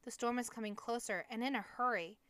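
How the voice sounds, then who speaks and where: Woman doing an earnest, serious young farm girl, smooth clear tone. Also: fairly high pitch, fairly quick, a bit bright, no room sound, close to an everyday voice. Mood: urgent. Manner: earnest, somber, urgent.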